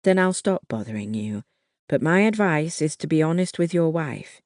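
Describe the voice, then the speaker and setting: A narrator voicing a calm, determined wartime nurse who talks to her patients in a gently persuasive, slightly raised voice. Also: mid-range voice, moderate pace, no echo, clean studio sound, natural voice. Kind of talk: audiobook narration.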